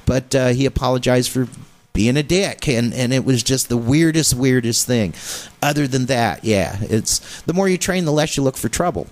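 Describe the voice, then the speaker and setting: Man, middle-aged, comedian, radio talk show, casual storytelling, animated. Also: normal speed. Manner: animated anecdote-telling, pitch jumps when excited.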